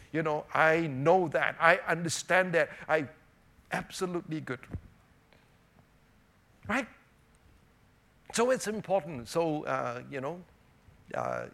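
A male pastor delivering a sermon in a fairly high, very lively voice that leaps up for emphasis and drops low for asides. He keeps the congregation with him through constant tag questions and casual fillers. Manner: animated, swings between emphatic highs and quiet low asides; frequent "you know" and "right?" tag questions.

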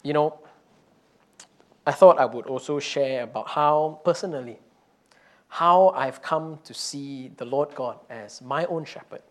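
A man's voice: a little high, unhurried. Man preaching a chatty, story-filled sermon. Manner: relaxed, frequent "you know" fillers and restarts. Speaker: pastor.

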